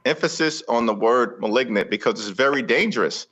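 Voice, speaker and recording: A man speaking as a guest politician in an interview, forceful and rhetorical with a speechmaking cadence. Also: mid-range voice, fairly quick, few pauses, highs cut off.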